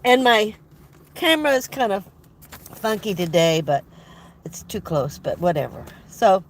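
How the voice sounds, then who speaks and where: A woman's voice: medium pitch, big pitch swings, measured pace. An older woman hosts a loose, chatty livestream from inside her van, her voice thick with congestion from a head cold. She rambles, laughs often, and greets viewers one by one. A faint hum of background noise sits under her voice. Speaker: van life vlogger hosting a livestream. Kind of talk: casual livestream chat.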